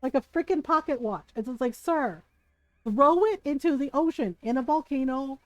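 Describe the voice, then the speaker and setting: A woman with a high, bright-pitched voice chats through a game stream, animated and quick to laugh as she tells her stories. The sound is close and dry, with hardly any room around it. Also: dry recording, lo-fi sound. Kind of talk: casual gameplay commentary and storytelling.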